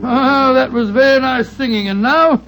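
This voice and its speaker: A kindly, bumbling doctor in an old radio drama. His voice is pitched very high, genial and easily flustered into bluster. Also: moderate pace, gravelly, a bit bright, faint music behind, full character voice, low-quality recording. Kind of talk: 1940s radio acting.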